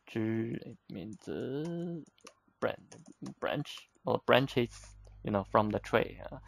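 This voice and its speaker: Slow, gravelly-voiced man teaching vocabulary. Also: on the low side, no echo. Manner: patient, repeats words slowly, frequent "uh" fillers. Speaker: Chinese teacher. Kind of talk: vocabulary lesson explanation.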